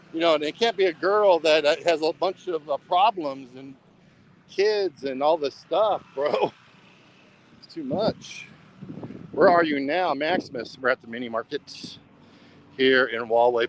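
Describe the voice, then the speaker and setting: An American man vlogs as he walks around a beach town and its mini market, rambling casually and tacking "bro" onto almost every line. His voice sits slightly high for a man. Faint street noise runs underneath. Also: rough recording. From United States. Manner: rambling, says "bro" constantly. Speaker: travel vlogger. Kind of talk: casual vlog chat.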